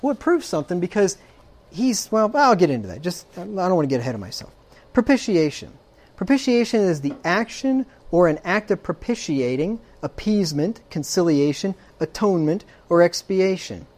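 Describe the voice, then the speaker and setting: A man's voice: sits high, sing-song, normal speed, darkish tone. A man preaching a sermon, emphatic, checking in with frequent rhetorical questions and dropping dry, sarcastic asides.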